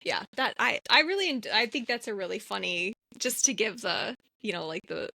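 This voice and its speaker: A woman's voice: medium pitch, moderate pace, gravelly, dry recording. A woman co-hosting a film rewatch podcast, animatedly recapping the movie in casual chat. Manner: animated storyteller, chatty. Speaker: podcast co-host.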